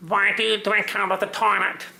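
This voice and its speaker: A chirpy, childlike sock puppet reads a storybook in a slow, sing-song lilt, as a man puts it on. The tone is bright and edgy with a gravelly catch, and the echoey room at home rings around it. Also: sits high, flat delivery, heavily acted. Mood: playful. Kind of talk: reading a picture book aloud.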